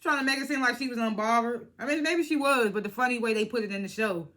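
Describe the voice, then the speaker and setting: A young woman with a bright, forceful voice that sits a little high for her, chatting through a reality TV recap. She talks in an animated, slangy way and acts out the cast's lines as she goes. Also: fast talker. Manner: animated, laughing, slangy retelling with acted-out quotes. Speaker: reality TV reviewer. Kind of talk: casual vlog recap.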